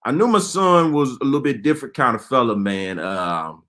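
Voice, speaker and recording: A man's voice: mid-range voice, expressive, fairly quick, a bit bright. A man doing stand-up comedy, telling stories in an exasperated, punchy way with lots of repeated phrases.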